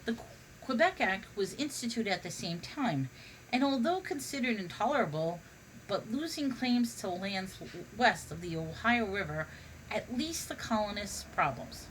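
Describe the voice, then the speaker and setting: A woman's voice: medium pitch, expressive, moderate pace, slight background noise, poor audio. A woman reading a humorous history book aloud, now and then stumbling and restarting on a word. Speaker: reader.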